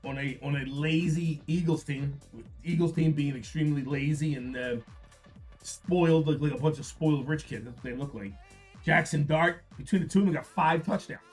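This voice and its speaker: A man hosting a live card-break stream, repeating prices and hyping the product in an upbeat sales pitch. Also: moderate pace, darkish tone, faint music behind. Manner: upbeat, repetitive hype.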